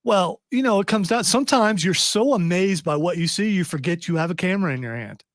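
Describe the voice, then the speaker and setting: A man's voice: high-pitched, lively intonation, brisk, dry recording, clean studio sound. A man hosting a casual podcast, reading a news story aloud with wry, joking asides. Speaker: podcast host.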